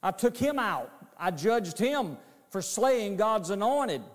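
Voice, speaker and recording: A stern old-testament king, as a preacher puts him on, who rebukes with indignant force in a high voice. His words ring through a hall with a long reverb. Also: big pitch swings, takes it slowly, exaggerated voice.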